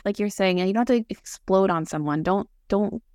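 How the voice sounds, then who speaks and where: A woman hosts a podcast conversation, eager and affirming as she reflects her guest's points back. She talks in a loose, chatty way full of fillers. Her mid-pitched voice sounds close and dry. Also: normal speed, darkish tone, no echo. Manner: enthusiastic, affirming, chatty with many "like"s. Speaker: podcast host.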